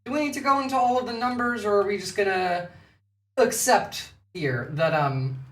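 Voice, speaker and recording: A man's voice: high-pitched, moderate pace, a bit bright, distant mic. Mocking male streamer, foul-mouthed and sarcastic, sits back from the mic in a roomy space. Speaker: political commentary streamer. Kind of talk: casual live-stream commentary.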